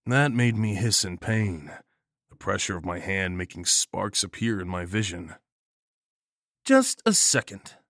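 A man narrating a first-person horror story in a measured, gritty and profane way. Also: low voice, a bit bright, no echo, clean studio sound.

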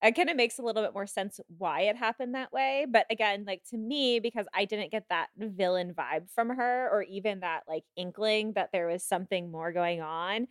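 Woman podcast guest, mid pitch, dry mic; rambling casual talk full of fillers. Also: normal speed, few pauses, clean tone, no room sound. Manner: rambling, heavy use of "like". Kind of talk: casual chat.

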